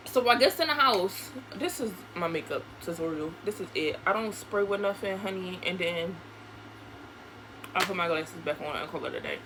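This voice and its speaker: A young woman, telling a casual, profane story in an animated way while doing her makeup at home. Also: medium pitch, moderate pace. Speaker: vlogger. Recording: noisy home recording.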